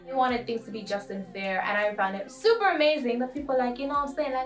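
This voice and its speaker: A young woman from Malawi giving a playful comic monologue to camera, with sudden high squeals and quiet asides. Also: quick pace, few pauses. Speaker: vlogger. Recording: echoey room, voice a bit far from mic, light music.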